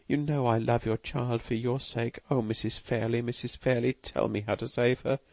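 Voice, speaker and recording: A man's voice: mid-range voice, fairly even intonation, moderate pace, gravelly, a little mellow, no room sound, voice pushed up, lightly acted. A man reading a distraught, fragile young woman in an audiobook, pleading and tremulous, raised well above his own voice.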